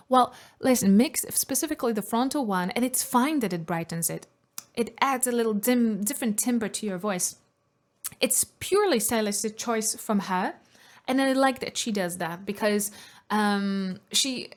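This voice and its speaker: A woman vocal coach giving analytical reaction commentary on singing technique, sometimes singing short demonstrations. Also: medium pitch.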